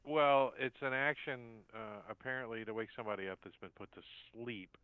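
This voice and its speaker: A man narrating and running a tabletop game as dungeon master, animated and quick with asides. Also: medium pitch, clean tone, no echo, phone-quality sound.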